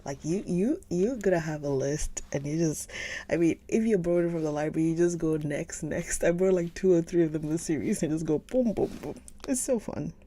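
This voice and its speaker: A woman hosting a live stream, chatting casually with viewers, gushing over books and often slipping into a soft whisper. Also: lowish voice, fairly quick. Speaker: livestream book reader host. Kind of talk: casual livestream chat.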